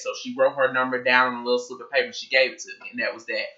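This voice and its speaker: Bright-voiced man telling a storytime. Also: mid-range voice, racing, hardly any pauses, dull audio. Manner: animated, profanity-laced storytelling. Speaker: vlogger. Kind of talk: casual storytime vlog.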